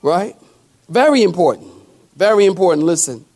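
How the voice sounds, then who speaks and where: A male pastor preaching a sermon in a folksy, conversational way, with call-and-response asides to the congregation, moving between slow emphatic scripture lines and quick joking remarks. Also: high voice, expressive, a little mellow.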